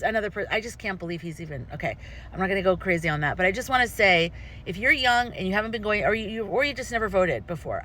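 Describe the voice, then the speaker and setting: Her mid-range voice is bright and forceful as this American woman vlogs her opinions passionately. She rambles and keeps restarting what she's saying.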